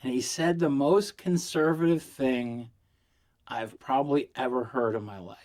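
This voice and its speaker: A man's voice: mid-range voice, measured pace, a little mellow. Stoned man rambling casually. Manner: loose, giggly, stoned and rambling; profane storytelling with acted quotes. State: high. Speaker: vlogger reviewing vapes.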